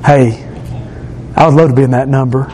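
A man's voice: medium pitch, fairly even intonation, brisk, warm tone, a little hiss or hum, rough recording. A man preaching an emphatic sermon as pastor, repeating phrases for stress.

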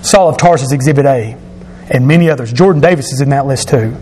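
A pastor preaching a sermon to his congregation, emphatic and rising to shouts at his key points. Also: medium pitch, quick pace, slight background noise. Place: church sanctuary. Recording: long reverb of a church hall.

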